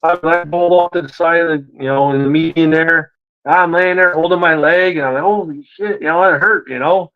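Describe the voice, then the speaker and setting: A man telling a story in a casual interview, animated and acting out the voices of the people he quotes. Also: a little high, a little fast, narrow, tinny audio. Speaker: guest.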